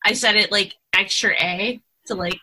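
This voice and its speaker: A woman's voice: mid-range voice, moderate pace, pushed and bright, slightly rough, low-quality recording. A woman guesting on a podcast in casual chat, blunt and sarcastic, swearing freely.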